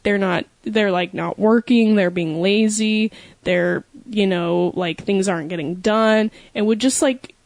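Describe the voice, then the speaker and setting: A woman's voice: mid-range voice, measured pace, no echo. Chatty young woman, dry close sound. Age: 20s. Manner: rambling, filler-heavy storytelling. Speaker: podcast co-host. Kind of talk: casual podcast chat.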